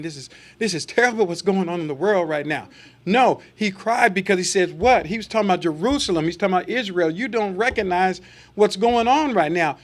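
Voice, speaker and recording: A man preaching a sermon, reading scripture aloud and then asking the congregation rhetorical questions and acting out voices. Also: high-pitched. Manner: acts out quoted voices in asides.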